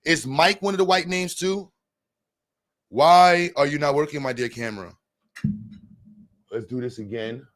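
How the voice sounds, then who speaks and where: A man's voice: fairly high pitch, a little slow, pauses often, fairly bright tone, dry recording. A man livestreaming, chatting loosely and profanely with his viewers and joking around. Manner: talks to his chat. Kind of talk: casual livestream chat.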